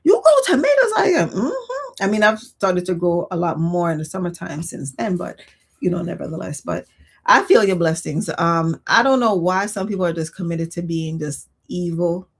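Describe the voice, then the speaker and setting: A woman hosting a livestream, telling stories in a chatty, expressive way and reading viewer comments aloud. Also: fairly low pitch, moderate pace. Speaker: livestream host. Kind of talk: casual storytelling chat.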